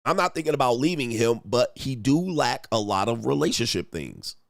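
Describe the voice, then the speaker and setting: A man's voice: mid-range voice, big pitch swings, normal speed, creaky, no room sound, clean studio sound. A man giving casual relationship-coach commentary on online comments, blunt and profane, mimicking the men he quotes.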